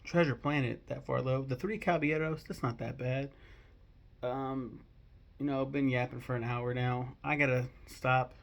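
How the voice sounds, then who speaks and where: A man's voice: medium pitch, fairly even intonation, moderate pace, gravelly. A man in his twenties, a movie vlogger talking casually at home, candid and emotional and swearing freely. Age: 20s. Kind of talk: casual rambling film talk.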